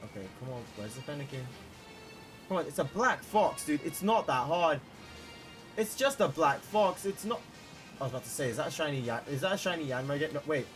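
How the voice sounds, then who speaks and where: A young man with a slightly high voice chats to his viewers as he plays. He gets excited fast and repeats lines over and over. Music plays clearly behind him. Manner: excitable, talks to chat, repeats himself. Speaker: streamer. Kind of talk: live-stream game commentary. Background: background music.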